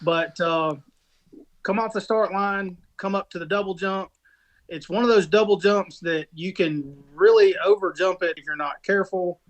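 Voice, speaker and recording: A high-pitched man talking at normal speed co-hosts a casual podcast and is also a rock racer. He retells a race crash in a rambling way, full of restarts and fillers.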